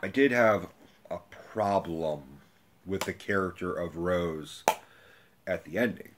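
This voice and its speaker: A young man giving a rambling, profane movie review rant, casual and animated. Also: low-pitched, takes it slowly, background noise.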